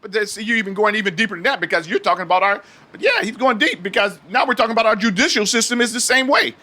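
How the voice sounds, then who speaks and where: A man's voice: high-pitched, lively intonation, rapid-fire, pushed and bright. A man hosting a casual talk show discussion, chiming in agreeably and then making his own points with animation.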